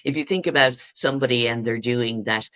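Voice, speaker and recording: A woman, a therapist guest speaking in a reflective coaching way, acting out inner voices and rising to excited peaks. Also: a bass voice, a little fast, muffled recording.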